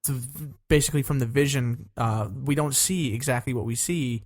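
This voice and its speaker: A man's voice: medium pitch, moderate pace, a little mellow. A man co-hosting a podcast in casual chat, cracking jokes and explaining science with enthusiasm. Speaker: podcast co-host.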